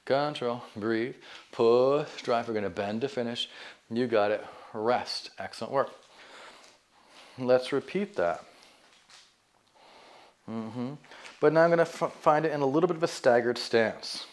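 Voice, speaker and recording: Chill guy fitness instructor counting reps, calm coaching voice, mid pitch, home workout. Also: a little slow, long pauses. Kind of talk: guided exercise class with counting. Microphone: camera mic.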